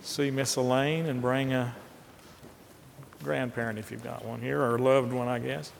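A man leading a service, casually calling the children up front. His voice is gravelly and heard from a distance across a large room. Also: mid-range voice, steady tone, moderate pace. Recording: distant in echoey church hall.

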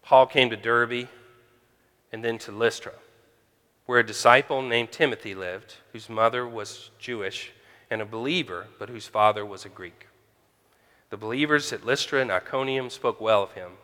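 A man preaching a conversational sermon as pastor, pausing often with fillers. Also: mid-range voice, sharp tone. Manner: conversational with frequent pauses and fillers. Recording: hall reverb.

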